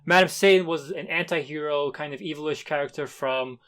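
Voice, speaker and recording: A man with a fairly high voice co-hosts a podcast in loose, casual chat. He rambles, stops and restarts, then lands his points emphatically. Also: brisk, fairly bright tone. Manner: rambling, stop-start, emphatic. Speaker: podcast co-host.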